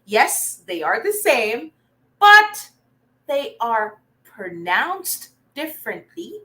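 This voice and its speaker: Lively Filipino woman teaching a lesson. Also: on the high side, very slow, poor audio. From Philippines. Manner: encouraging, checks in with learners often. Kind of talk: online reading lesson.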